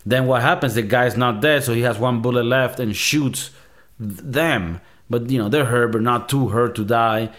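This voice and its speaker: A man's voice: medium pitch, normal speed, a bit bright. A man hosting a movie review show, ranting in a casual, profane, exasperated way.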